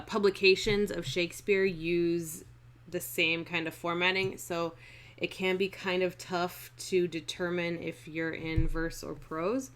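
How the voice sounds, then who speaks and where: A woman teaching Shakespeare verse in a live-streamed lesson, explaining in an unhurried way with fillers and restarts. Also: fairly low pitch, a bit bright, smooth. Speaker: acting teacher.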